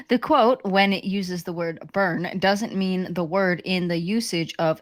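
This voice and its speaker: A woman's voice: lowish voice, animated, takes it slowly, no echo. Giggling woman reading a book aloud. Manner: amused, giggling between read passages. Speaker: guest co-host.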